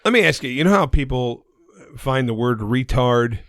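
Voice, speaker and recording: A man's voice: medium pitch, expressive, normal speed, a bit bright, no room sound. A man with a Cincinnati accent co-hosting a podcast in casual chat, blunt and provocative. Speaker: podcast co-host.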